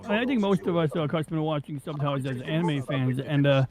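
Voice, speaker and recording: New guy hosting a chill podcast, rambles off topic, swears a lot, voice sits a bit high. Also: quick pace, a crowd in the background, poor audio. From New York. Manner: rambling, digressive, swears freely, many fillers. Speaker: podcast host. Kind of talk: casual rambling chat.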